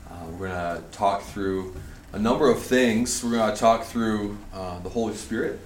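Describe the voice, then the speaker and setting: Animated man telling a story, echoey hall. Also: fairly low pitch, normal speed, far from the mic. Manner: animated, laughing through his story. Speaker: conference speaker. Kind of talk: casual storytelling to a group. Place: large indoor hall at a retreat facility. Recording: echoey hall, faint room noise.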